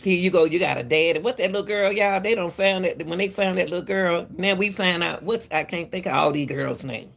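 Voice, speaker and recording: A woman's voice: lowish voice, a little fast, creaky, few pauses. A woman giving casual commentary to the camera, emphatic and repetitive, lecturing parents and calling viewers "baby", often stumbling and restarting her words. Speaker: commentary channel host.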